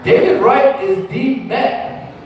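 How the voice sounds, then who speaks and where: A young male open mic comedian from Virginia Beach rambles through a profane story, cutting himself off and circling back. His voice sits high for a man. The sound is very echoey and distant, with faint noise behind it. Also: big pitch swings, slow pace. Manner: profane, rambling, self-interrupting. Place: comedy club stage.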